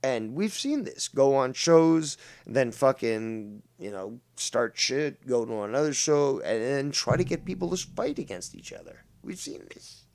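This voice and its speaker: Man, talk-show host, gravelly voice, profane rants, shouts then mutters. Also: animated, measured pace, hardly any pauses. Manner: loud, profane, swinging between shouting and low muttering. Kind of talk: heated livestream talk show.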